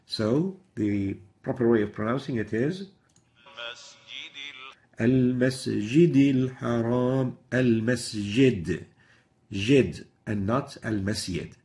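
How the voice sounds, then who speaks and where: This middle-aged man's voice sits on the low side, gravelly and somewhat dark. In a methodical lesson on Quran recitation, he repeats sample words to demonstrate every sound.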